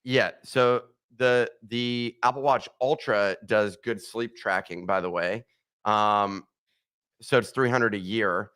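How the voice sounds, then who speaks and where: A man's voice: lowish voice, fairly even intonation, slow, a bit bright, smooth. A man co-hosting a podcast, rambling in casual chat with many ums. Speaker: podcast co-host.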